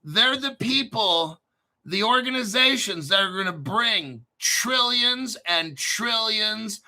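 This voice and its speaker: A brash man hosts his crypto show off the cuff, cursing freely. His voice is very bright and pitched somewhat high. He drops into low grumbles, then jumps up into loud, excited outbursts. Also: measured pace, gravelly. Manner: brash and profane, swinging from mumbled asides to loud hyped outbursts. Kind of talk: unscripted livestream commentary.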